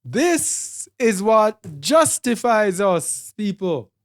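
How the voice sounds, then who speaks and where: A Bible teacher with a Jamaican accent preaches a sermon, speaking deliberately and repeating and listing words for emphasis. His delivery has a medium pitch and a sing-song quality.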